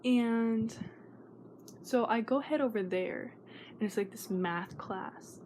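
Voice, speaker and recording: A woman's voice: a little high, slow, a little mellow, slight background noise, low-quality recording. Nervous rambling teen girl vlogger. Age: teens. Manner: nervous, rambling, often drops to a whisper. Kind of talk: casual vlog chat.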